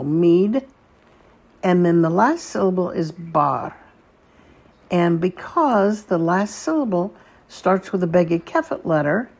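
A woman teaching a language lesson, patient and deliberate, repeating each word slowly for learners. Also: on the low side, a little mellow, breathy edge. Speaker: Hebrew teacher. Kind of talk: slow spoken lesson.

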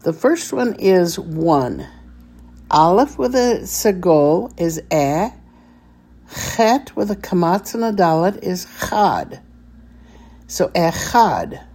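A low, mellow-voiced woman leads a slow, patient vocabulary lesson. She spells out each word piece by piece and repeats it for the listener to say back. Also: expressive, husky. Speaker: Hebrew teacher.

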